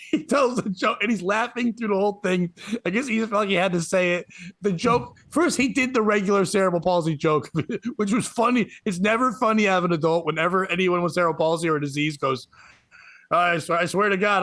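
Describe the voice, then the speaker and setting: A man in his forties, a comedian guest, telling a story in casual podcast chat, getting excited and laughing through it. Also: high-pitched, no room sound, clean studio sound. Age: 40s.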